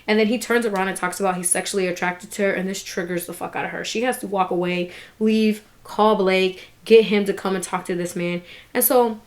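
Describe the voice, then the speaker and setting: Woman ranting casually to camera, blunt, indignant, curses here and there, mid-pitched voice. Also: fairly even intonation, a little fast. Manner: candid, indignant, swears casually. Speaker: vlogger reviewing a documentary. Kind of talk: casual commentary.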